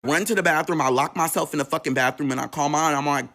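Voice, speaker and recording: A man's voice: a little high, fast talker, pushed and bright. Candid, profane man telling a story. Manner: candid and profane, retelling with quoted dialogue. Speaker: storytime vlogger. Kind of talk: casual storytelling.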